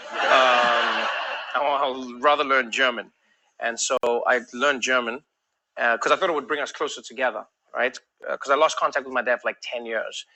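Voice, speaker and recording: A man in his thirties doing stand-up crowd work, telling stories in an animated way and acting out the people in them. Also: medium pitch. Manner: animated storytelling, acting out voices in quick back-and-forth. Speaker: comedian. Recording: noisy live stage recording.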